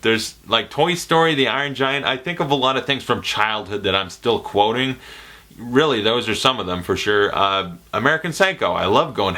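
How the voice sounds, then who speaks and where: A man's voice: lowish voice, normal speed. A young man from Canada answering viewer questions in a casual vlog, joking and slipping into movie-quote impressions. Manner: animated, jokey, slips into movie-quote impressions.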